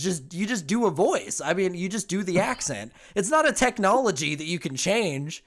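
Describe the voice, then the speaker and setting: Animated rambling male podcast host. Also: high voice, brisk, hardly any pauses. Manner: rambling, animated, swears freely. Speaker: podcast co-host, film reviewer. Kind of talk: casual film review chat.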